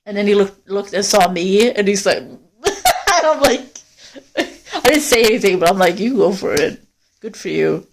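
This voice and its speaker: Woman streaming on a cold forest walk, rambly and chatty, swears a lot, mid-pitch voice, volume comes and goes. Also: lively intonation, normal speed, a little hiss or hum. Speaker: livestreamer. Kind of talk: casual chat to viewers. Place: outdoors in a forest.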